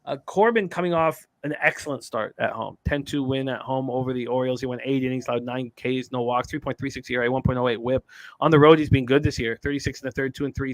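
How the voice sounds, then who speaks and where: A man's voice: medium pitch, dry recording. A man hosting a live sports betting show, reading stats and chat comments with frequent fillers.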